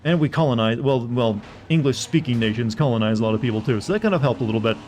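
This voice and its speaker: A streamer with a Southern US accent rambles and jokes with viewers while playing a game, in casual gameplay commentary. His mid-range voice is expressive and darkish in tone, and he talks fast; a little hiss or hum sits in the background.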